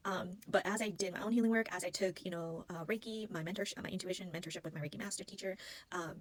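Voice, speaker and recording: A woman's voice: on the low side, quick pace, no room sound, low-quality recording. A woman who works as a spiritual healing practitioner, telling a personal story in an earnest, rambling way and often searching for words. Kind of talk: casual personal storytelling to camera.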